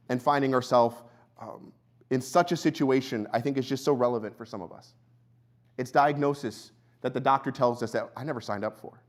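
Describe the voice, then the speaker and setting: A young adult man, a pastor, preaching a sermon in a church in a conversational storytelling way, dropping his voice low and quiet when he tells a personal story. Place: church sanctuary.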